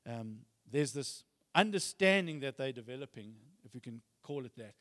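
A man's voice: medium pitch, lively intonation, normal speed, fairly bright tone, studio quality. A man preaching a sermon, retelling scripture casually in everyday words and reading passages aloud with rising force. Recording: long hall reverb.

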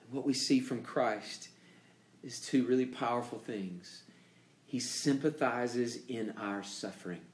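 Male pastor, measured sermon delivery, dramatic pauses, reverberant room. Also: mid-range voice, a little mellow. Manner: emphatic preaching with dramatic pauses and rising questions.

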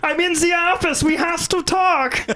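A man doing a shrill German-accented dictator. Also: fairly even intonation, a little slow, pushed and bright, heavily acted. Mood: shrill mockery. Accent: put-on German accent. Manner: shrill, mocking. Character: frantic male German dictator calling his aide.

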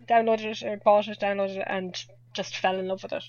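A woman's voice: mid-range voice, little pitch movement, a little fast, no room sound. Irish woman, young adult, chatty guest who laughs a lot; muffled lo-fi audio. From Ireland. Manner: chatty, laughs often, self-deprecating. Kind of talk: casual chat. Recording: dull lo-fi dry audio.

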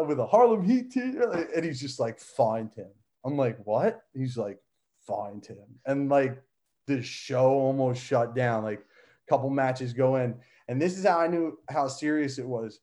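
Guy rambling thru a story, lots of likes n laughs, animated. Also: mid-range voice. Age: adult. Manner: animated, laughs often, many fillers. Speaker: guest, son of a wrestler. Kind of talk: casual storytelling.

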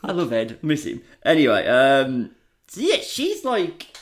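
A young man co-hosting a casual podcast chat, excitable and sweary, laughing often. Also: medium pitch, measured pace. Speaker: podcast co-host.

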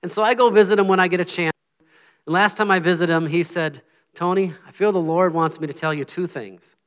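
Lay preacher, middle-aged man, slightly high voice, earnest and humble, conversational sermon delivery. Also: fairly quick, fairly bright tone, smooth. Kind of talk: informal sermon with prayer.

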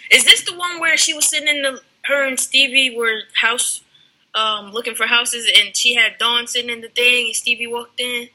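Woman, brightly toned, blunt and profane, joking. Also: a little high, moderate pace, rough recording. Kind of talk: casual chat.

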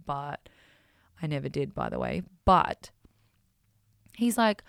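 A woman hosting a podcast, telling stories in an animated, self-mocking way and swearing freely. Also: low-pitched, takes it slowly, vocal fry, pauses often, no room sound, clean studio sound. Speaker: podcast host. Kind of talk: casual storytelling.

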